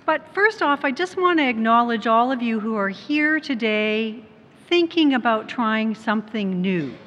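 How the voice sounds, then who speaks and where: A woman's voice: fairly high pitch, a bit bright. A middle-aged woman from Canada giving a conference presentation, putting questions to the audience and telling little stories. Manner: poses questions to the audience and tells anecdotes. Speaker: conference presenter, tech company head. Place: large conference hall. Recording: long hall reverb, faint background noise.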